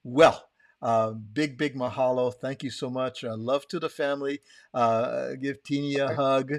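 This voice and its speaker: Halting man hosting, dry sound. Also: medium pitch, steady tone, no room sound. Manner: warm, hesitant, full of filler words. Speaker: podcast host. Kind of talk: casual chat. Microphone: video call.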